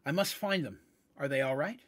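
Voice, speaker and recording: An injured young minotaur woman , played by a man, speaks in a raised, husky voice. She sounds urgent and strained, pushing past pain in a tabletop game. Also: on the high side, moderate pace, fairly bright tone.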